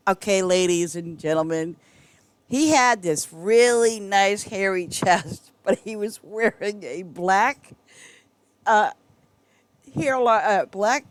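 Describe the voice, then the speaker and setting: A woman's voice: medium pitch, dry recording. A middle-aged woman streaming a game and chatting casually with her viewers, rambling and often breaking into giggles. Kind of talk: casual chat with viewers while gaming.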